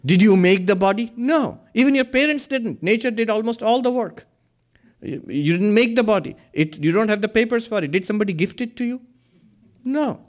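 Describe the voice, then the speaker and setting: A man giving a spiritual discourse, earnest and lively, asking questions and answering them himself. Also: sits high. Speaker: Vedanta teacher.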